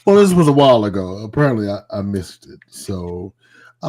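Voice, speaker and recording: A man hosting a podcast in casual chat, loud and laughing, swearing freely. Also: lowish voice, very animated, fairly quick. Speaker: podcast host.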